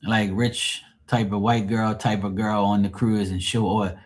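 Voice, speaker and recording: A man telling cruise stories on a livestream, casual, profane and animated. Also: fairly low pitch, measured pace. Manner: profane, animated, mimics people. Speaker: tarot reader and streamer.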